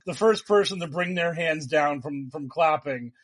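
Man, sarcastic and mocking, casual podcast chat, somewhat high voice. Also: moderate pace, husky.

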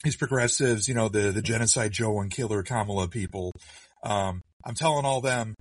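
A man co-hosting a casual political podcast, talking in a halting, sardonic way and often repeating his words. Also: lowish voice, dry recording, distant mic.

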